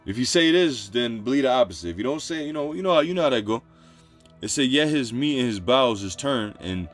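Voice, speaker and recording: Emphatic man preaching over faint music. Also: on the low side. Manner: emphatic, repeats points, informal street phrasing between readings. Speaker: preacher teaching scripture. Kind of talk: scripture-study sermon, reading verses and explaining.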